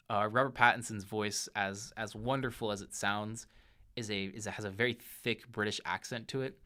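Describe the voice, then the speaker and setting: A young man hosting a casual movie review show, talking in an animated way with frequent restarts and self-corrections. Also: mid-range voice.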